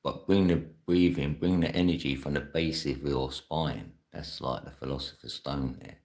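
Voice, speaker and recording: A man's voice: rumbling low, steady tone, moderate pace, darkish tone. A man from London hosting a live stream, rambling casually, laughing often and answering viewer chat.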